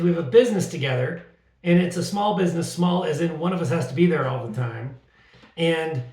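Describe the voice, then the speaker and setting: A middle-aged man co-hosting a podcast, chatting in an animated, wry and sarcastic way. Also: fairly high pitch, roomy sound, distant mic. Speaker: podcast co-host. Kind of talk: casual conversation.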